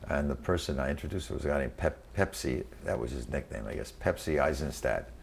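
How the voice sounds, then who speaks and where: A man in his eighties from New York City, recalling his career in a halting oral history interview full of fillers and restarts. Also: extremely low pitch, animated, vocal fry, slight background noise. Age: 80s. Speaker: interviewee, venture capitalist. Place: quiet room.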